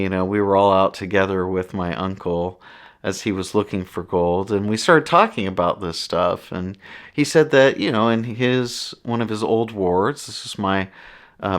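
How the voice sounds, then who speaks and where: Low-voiced man telling stories. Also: fairly bright tone, smooth. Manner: conversational, rambling anecdotes with many asides. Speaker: podcast host. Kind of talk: casual storytelling monologue.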